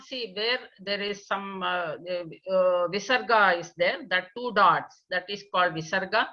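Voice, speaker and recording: A woman's voice: medium pitch, bright, forceful tone. Patient woman teaching children online. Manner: patient, repeats answers and praises; chants verses slowly for pupils to echo. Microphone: video call. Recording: dull lo-fi online call.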